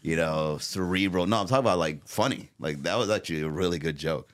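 Male comedian guest, low-ish voice, loose rambling casual talk. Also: fast talker. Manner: rambling with many fillers and restarts. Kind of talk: casual podcast chat.

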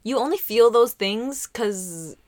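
A woman's voice: on the high side, expressive, takes it slowly, darkish tone. A young woman co-hosting a podcast, sharing feelings in a reflective, casual way with lots of fillers and agreement. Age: young adult. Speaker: podcast co-host. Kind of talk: casual chat.

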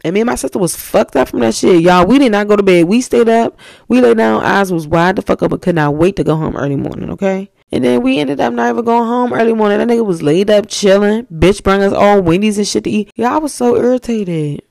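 A young woman hosting a podcast, telling stories in a blunt, profane, animated way. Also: medium pitch, fast, gravelly, dry recording, studio quality. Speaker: podcast host. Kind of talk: casual storytelling.

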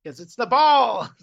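Lively, high-voiced man retelling a show. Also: vocal fry, slightly rough, lo-fi sound. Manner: animated retelling, acting out quotes, laughing often. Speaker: podcast co-host recapping a TV episode. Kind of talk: casual chat.

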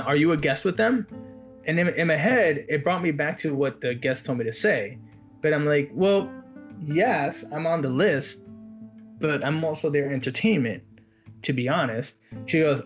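Guy telling a story, slightly high voice, soft music in the background. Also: normal speed. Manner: animated, quotes others in his story. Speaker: walk-around magician. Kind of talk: casual storytelling chat.

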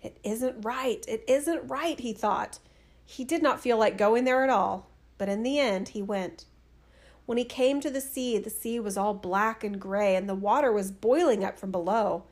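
A woman narrating a fairy tale in a steady, expressive reading. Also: medium pitch, normal speed. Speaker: storyteller.

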